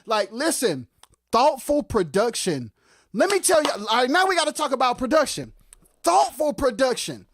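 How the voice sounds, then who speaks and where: A livestream co-host giving impassioned commentary on music production. They get fired up and shout, then drop into quiet asides, and repeat phrases for emphasis. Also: high voice, sing-song, moderate pace, no room sound, clean studio sound. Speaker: co-host of a live music talk stream.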